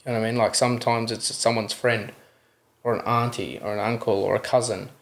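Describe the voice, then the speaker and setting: Gravelly young Australian man, earnest storyteller. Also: lowish voice, fairly even intonation, fairly quick. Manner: earnest, keeps adding "you know what I mean"; acts out the voices in his retellings. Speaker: podcast guest. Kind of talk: candid interview storytelling.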